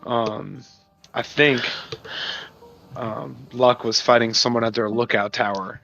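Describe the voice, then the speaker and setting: Bright-voiced man playing a tabletop game. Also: medium pitch, little pitch movement, slow pace, gravelly, dull audio, soft background music. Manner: plain, matter-of-fact, describes own character's actions. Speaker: player. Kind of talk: casual tabletop game chat.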